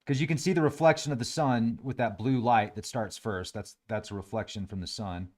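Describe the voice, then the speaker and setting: A man's voice: mid-range voice, steady tone, darkish tone. A man hosting his own show, musing aloud and joking sarcastically as he comments on live webcam footage. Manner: musing, sarcastic, quick to laugh. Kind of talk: casual thinking-aloud commentary.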